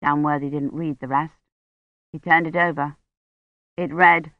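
An audiobook narrator reading a novel in a measured, even way. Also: medium pitch, dry recording, lo-fi sound. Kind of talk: scripted narration.

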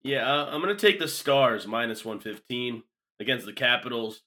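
A man's voice: medium pitch, normal speed, pushed and bright. A man in easygoing, agreeable podcast chat, giving betting picks as a co-host. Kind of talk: casual podcast banter.

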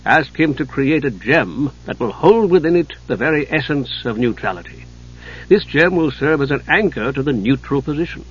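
A man voicing a scheming male god of trade, persuasive and mock-innocent, with a husky voice. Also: medium pitch, lively intonation, moderate pace, highs cut off.

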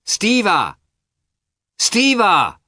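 A man reading aloud, voicing a warm young mother who coaxes and pleads insistently. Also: high voice, sing-song, measured pace, dry recording, clean studio sound, pitched above the performer's own voice, exaggerated voice. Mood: calling. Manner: coaxing, insistent.

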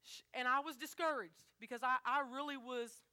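Woman preaching, high bright voice, chatty but emphatic with the congregation. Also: fairly even intonation, normal speed. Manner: emphatic, conversational, addresses the congregation directly. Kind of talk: sermon.

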